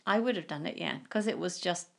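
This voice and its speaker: Brief: middle-aged woman from England, low, gravelly, chatty and relaxed. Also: brisk. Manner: chatty, laughs often, fond and relaxed. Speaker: guest. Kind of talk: casual chat.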